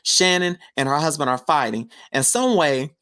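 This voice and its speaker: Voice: medium pitch, expressive, moderate pace, pushed and bright, clear, resonant tone. Chatty podcast host recapping a film. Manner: chatty, slangy storytelling with asides. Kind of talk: casual film review recap.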